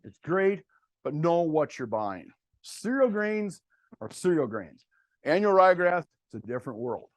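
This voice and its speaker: A middle-aged cover crop seed dealer gives a farm workshop presentation to farmers on cover crops, speaking bluntly in a folksy, plainspoken way. His voice sits high, and the recording is dry.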